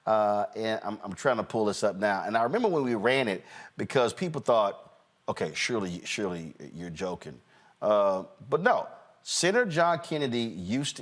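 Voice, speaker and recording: A male talk-show host giving animated, mocking political commentary, often halting and restarting. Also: on the low side.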